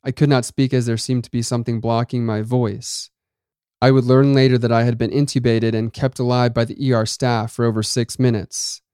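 A man reads a first-person story in a measured, dramatic way. His voice is smooth and resonant at a middle pitch. The recording is dry and close. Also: flat delivery, dark tone, no room sound. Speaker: narrator.

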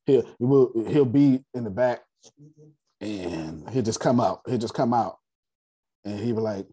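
Man running a class with a dark, husky voice, digressive storyteller. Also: on the low side, measured pace, long pauses. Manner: animated, digressive, addresses the audience directly. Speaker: class leader. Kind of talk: casual teaching and storytelling.

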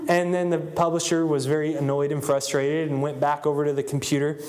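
A man's voice: on the high side, flat delivery, fairly quick, hardly any pauses, a little mellow. A man telling a story to a live audience in a loose style, with many fillers. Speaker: motivational speaker.

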